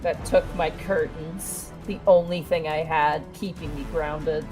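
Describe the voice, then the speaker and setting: A woman player describing her monster character's actions in a tabletop game, in drawn-out phrases with fillers. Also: sits low, steady tone, over music, rough recording.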